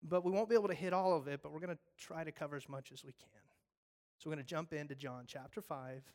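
A man's voice: fairly high pitch, fast talker. A male pastor preaching a casual, conversational sermon that recaps scripture and jokes along the way. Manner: animated storytelling, acting out voices; conversational, jokey asides.

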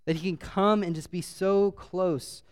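Fond young father, smooth voice. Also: high-pitched, steady tone, unhurried. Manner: chatty with frequent fillers, laughing as he talks; heartfelt, chokes up when sentimental. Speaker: speaker sharing a personal story. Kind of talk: casual personal storytelling.

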